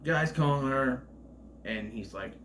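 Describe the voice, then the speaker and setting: A man talks through a film in a loose, unscripted review, retelling scenes with blunt, profane asides. His pitch swings widely around a mid-range center. A faint hum sits behind him. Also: expressive, unhurried, fairly bright tone. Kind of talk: casual spoiler review.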